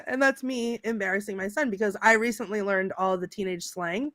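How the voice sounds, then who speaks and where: A woman's voice: medium pitch, brisk, a bit bright, no room sound. Giggly woman chatting, dry close sound. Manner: giggly, reads movie quotes aloud with relish. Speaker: podcast panelist and teacher. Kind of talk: casual podcast chat.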